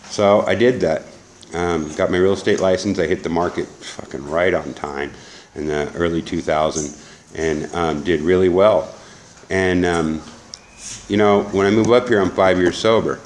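A man's voice: deep voice, steady tone, moderate pace, a little hiss or hum. A middle-aged man telling his recovery story in a candid, profane, rambling way, full of restarts. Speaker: recovery speaker. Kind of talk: personal testimony storytelling.

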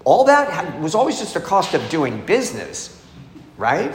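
A man's voice: a little high, wildly swooping pitch, moderate pace. Candid man telling his story in an echoey hall. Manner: candid, emotional storytelling, acting out quoted voices. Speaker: speaker sharing a recovery story. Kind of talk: personal testimony to an audience. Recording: echoey hall, faint ambience.

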